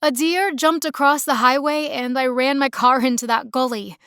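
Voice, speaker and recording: A woman's voice: sits high, fairly even intonation, normal speed, a bit bright, smooth, dry recording, clean studio sound. A woman voicing a stranded city woman who talks in a guarded, stiff, precise way. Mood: wary.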